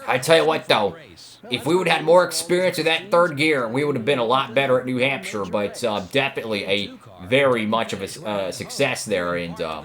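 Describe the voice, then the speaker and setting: A young man commentating his own racing game run, excitable and talking at the other drivers. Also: mid-range voice, fairly quick. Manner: excitable, talks to rival drivers, frequent outbursts. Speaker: gaming channel host.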